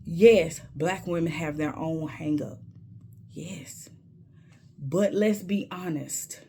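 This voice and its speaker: A woman's voice: low voice, slow, dark tone, a little hiss or hum. A woman vlogger telling a candid story in an emphatic way, repeating words when she gets worked up.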